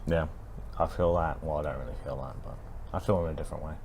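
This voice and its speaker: A man's voice: extremely low pitch, fairly even intonation, quick pace, a little mellow, a little hiss or hum. A man co-hosting a casual podcast, making dry quips and talking with enthusiasm about the game. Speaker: podcast co-host.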